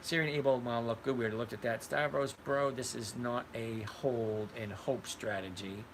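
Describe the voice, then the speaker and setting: A man's voice: medium pitch, fairly even intonation, normal speed, slight background noise, low-quality recording. An older retired man hosting a casual livestream, answering viewers by name in a blunt, conversational way. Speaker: host reading live chat. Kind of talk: casual livestream chat about trading.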